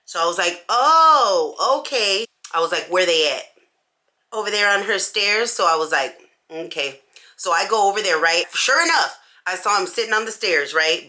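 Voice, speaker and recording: A woman vlogger telling a story in casual slang while she does her makeup, acting out each person's lines. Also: on the low side. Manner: animated, acts out everyone's lines in the story; casual slangy talk with many "like"s. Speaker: beauty vlogger.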